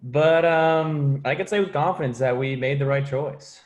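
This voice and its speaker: A man's voice: on the high side, moderate pace, lo-fi sound. A man hosting a student comedy sketch, talking with hesitant fillers. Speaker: show host.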